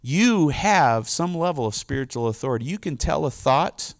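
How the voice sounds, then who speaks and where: A man's voice: fairly high pitch, lively intonation, moderate pace, no echo, clean studio sound. A middle-aged man preaching a casual, conversational sermon, loose and informal with lots of "like" and "you know". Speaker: pastor.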